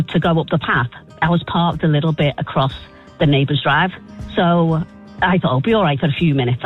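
A woman calling into a radio show, telling a funny story and jumping her voice high when she quotes herself. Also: phone-quality sound. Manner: animated, voice jumps high when quoting herself. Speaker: caller.

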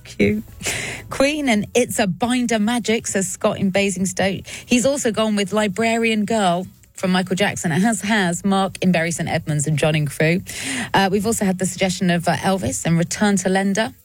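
A woman presenting a radio show, reading out listeners' pun suggestions in a playful way with chuckles and quick asides. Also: medium pitch, dry recording. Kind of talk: radio call-in segment, reading listener puns.

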